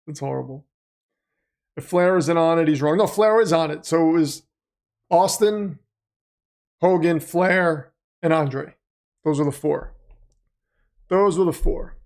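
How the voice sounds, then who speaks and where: A man's voice: fairly high pitch, unhurried, vocal fry, long pauses, a little mellow. A middle-aged man hosting a livestream, chatting casually, reading out donations and chat messages and calling game plays. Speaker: livestream host.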